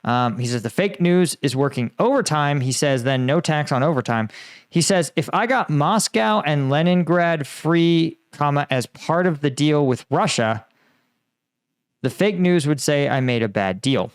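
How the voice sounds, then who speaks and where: Host, young adult man, fairly high voice, sarcastic and animated commentary. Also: a little slow, clear, resonant tone, dry recording, studio quality. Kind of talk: casual political commentary reading posts.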